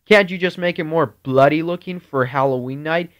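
A man voicing a gruff, pushy father with a blunt, loud way of talking. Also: a little high, moderate pace, pitched above the performer's own voice, natural voice.

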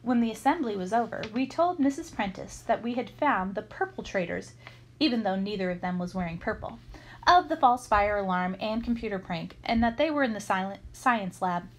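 A woman reading a children's chapter book aloud, telling the story in a lively, expressive way. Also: medium pitch, normal speed, poor audio. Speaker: storybook reader.

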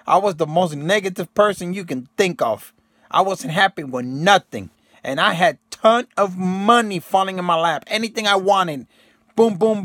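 A man's voice: high-pitched, a bit bright, dry recording, studio quality. A man talking casually and emphatically to his viewers in a rambling monologue, slipping into slang and acting out quotes. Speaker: self-help video host.

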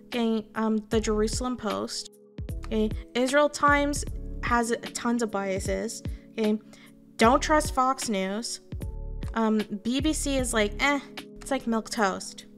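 A woman's voice: on the high side, slow, gravelly, soft background music. A Canadian woman streamer talking casually to her viewers, candid and rambling, swearing freely. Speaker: VTuber streamer.

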